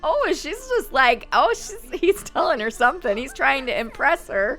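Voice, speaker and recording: Bright, chatty woman gaming host. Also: high-pitched, lively intonation, normal speed, hardly any pauses, soft background music. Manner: chatty, thinking aloud while playing. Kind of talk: casual Let's Play commentary.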